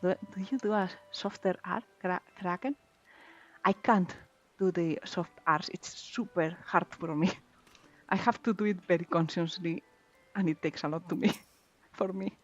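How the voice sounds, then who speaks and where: A woman chatting casually while streaming a video game, giggly and quick to repeat and restart her words. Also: on the low side. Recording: slightly dull lo-fi mic. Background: faint background music.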